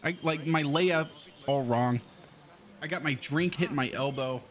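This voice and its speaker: A man's voice: fairly high pitch, unhurried. A man streaming a video game, chatting casually, swearing freely and laughing often. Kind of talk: casual live-stream chat.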